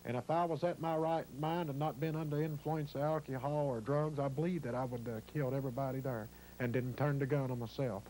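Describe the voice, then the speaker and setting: A man's voice: medium pitch, fairly even intonation, fairly quick, few pauses, poor audio. A man with an Appalachian accent telling his own story in a rambling way, acting out what others said. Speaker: interviewee. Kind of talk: emotional first-person storytelling.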